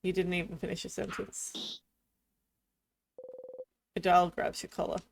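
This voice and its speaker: A woman streamer reading game text aloud in a quiet, earnest manner. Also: on the low side, little pitch movement, measured pace, creaky, a little hiss or hum.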